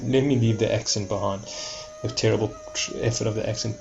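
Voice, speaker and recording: A man's voice: lowish voice, fairly even intonation, a little fast, vocal fry, darkish tone, highs cut off, faint music behind. A man talking casually to his viewers, rambling, repeating words and restarting sentences. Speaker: vlogger.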